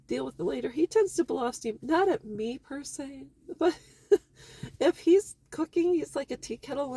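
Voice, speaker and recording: A woman's voice: on the high side, mellow. A middle-aged woman talking candidly and with feeling in a personal vlog about her family and marriage. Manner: candid, emotional and heartfelt. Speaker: vlogger.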